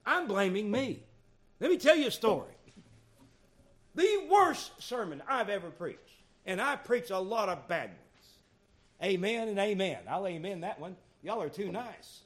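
Preaching to his congregation, this man shifts from hushed, confiding remarks to loud and emphatic appeals. His voice sits high and rises and falls in animated arcs throughout the sermon.

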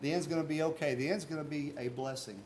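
A man's voice: fairly high pitch, fairly even intonation, fast, darkish tone, a little hiss or hum. A man preaching a sermon as pastor, talking earnestly and conversationally and asking his listeners rhetorical questions.

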